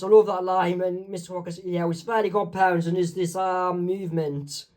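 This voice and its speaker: Man, comic artist reading his own comic aloud, halting, fillers. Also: sits high, fairly even intonation, a little mellow. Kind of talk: casual storybook reading.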